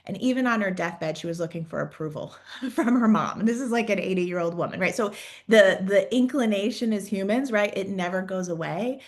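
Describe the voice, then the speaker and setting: Woman career coach talking to a group, warm-up conversational delivery, reflective questions, medium pitch. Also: fairly quick. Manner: conversational, peppers sentences with "right?"; encouraging, posing reflective questions. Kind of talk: coaching talk to an audience.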